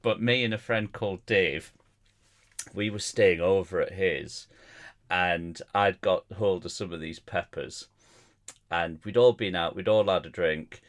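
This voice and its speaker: A podcast co-host spins a story in a casual, rambling way. His voice sits on the low side, and he stumbles over his words and laughs as he goes. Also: unhurried. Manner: chatty, stumbling, laughs through his stories.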